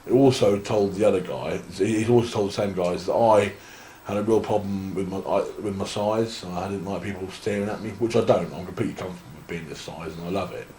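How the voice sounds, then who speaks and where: Speaking quickly in a very deep, warm voice, the young English wrestler loosely works through a long story, often restarting and laughing along the way. It's a casual interview captured in a roomy, echoey space with a faint hiss.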